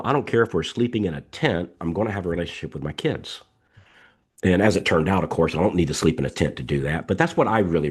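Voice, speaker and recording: Middle-aged male coach, low voice, lively swings, emphatic repeating delivery, video-call mic. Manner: emphatic, repetitive, animated storytelling. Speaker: coaching host. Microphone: video call microphone.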